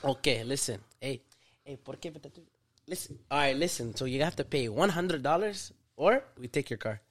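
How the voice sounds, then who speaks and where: A man's voice: high voice, wildly swooping pitch, a little fast, fairly bright tone, heavily acted. A man doing a pushy shakedown border cop. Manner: mock Spanish-sprinkled broken English.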